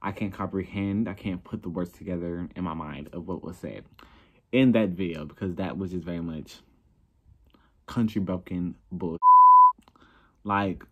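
Young male vlogger, deep register, blunt and profane, self-deprecating. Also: normal speed, pauses often, darkish tone, breathy edge. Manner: profane, blunt, laughing at himself. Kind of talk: casual ranting commentary.

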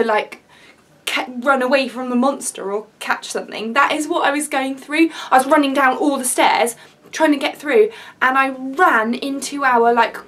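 Excitable high-voiced young woman vlogger. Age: 20s. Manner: chatty, excitable, rambling with fillers. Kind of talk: story time vlog.

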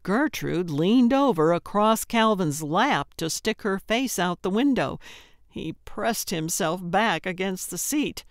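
A woman narrating a cozy mystery audiobook in an even, measured way. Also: medium pitch, no echo, studio quality.

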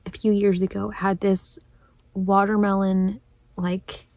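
A woman's voice: medium pitch, slow pace, no room sound. Gushing woman unboxing mail. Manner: excited, gushing, laughs often. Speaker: crafting vlogger. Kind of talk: casual unboxing chat.

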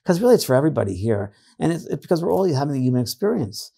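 Gravelly husky guy from new york, chatty storyteller type, middle-aged. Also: fairly high pitch, very fast. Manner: animated storyteller, acts out voices. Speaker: psychic medium, guest. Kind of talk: casual interview talk.

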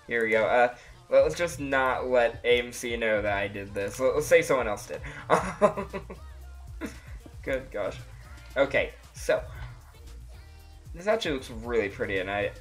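A livestreamer chatting casually through a gameplay session, laughing at nearly every turn and spilling out exclamations. The voice sits at a middle pitch, and faint music runs quietly underneath. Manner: laughs often, exclaims a lot. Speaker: livestreamer playing a block-building game. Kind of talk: casual live gameplay commentary. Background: faint music playing.

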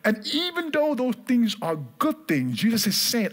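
A man's voice: sits high, huge pitch swings, a little slow, few pauses. A male pastor preaching a sermon in church, emphatic and repetitive, calling on the congregation to answer.

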